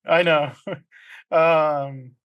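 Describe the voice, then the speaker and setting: A man's voice: a little high, fairly even intonation, drawn-out words, clear, resonant tone, highs cut off. A man casually retelling a movie plot on a podcast, rambling with frequent ums and small laughs. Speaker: podcast co-host. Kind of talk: casual movie recap chat.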